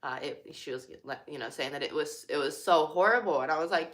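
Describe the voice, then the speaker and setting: A young woman talks casually and openly about her work as a cashier, leaning on fillers like "like" and "you know." Her voice is bright and forceful, set a little on the low side. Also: moderate pace. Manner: chatty, filler-heavy, heartfelt. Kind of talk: casual personal talk.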